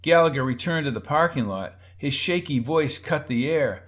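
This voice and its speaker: A man's voice: a little high, lively intonation, normal speed. A man reading a crime novel aloud as narrator, shifting his delivery for each character's lines. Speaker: audiobook narrator. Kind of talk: scripted narration with character voices.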